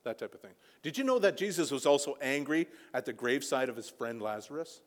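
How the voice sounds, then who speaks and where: A man preaching a sermon as a pastor, impassioned, rising to near-shouting peaks. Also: mid-range voice, animated, a little fast. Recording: long hall reverb.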